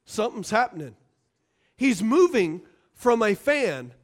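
A man preaching a sermon, lively and conversational, acting out the people in the story with sudden jumps in pitch and loudness. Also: measured pace. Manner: animated, acts out quoted characters with jumps in pitch and volume. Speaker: pastor.

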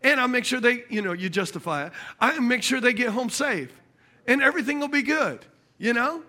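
A male preacher, his voice pitched high and bright. He tells a comic story to the congregation and asks them if they follow. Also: a little fast. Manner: animated, jokey, calls out to the congregation.

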